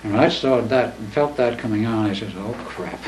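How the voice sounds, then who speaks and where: A man's voice: medium pitch, a little fast, a little mellow. An older man speaking plainly to an audience, recounting a story in a folksy manner and slipping into other people's voices for quotes. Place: presentation room. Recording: echoey room, distant mic, faint noise.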